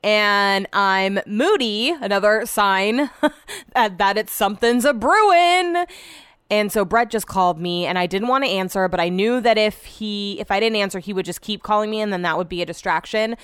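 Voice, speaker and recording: A woman's voice: medium pitch, moderate pace, a bit bright, smooth, dry recording. A woman hosting a solo podcast, chatting casually in a rambling way, swearing freely and trailing off mid-sentence. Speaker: podcast host. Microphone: podcast microphone.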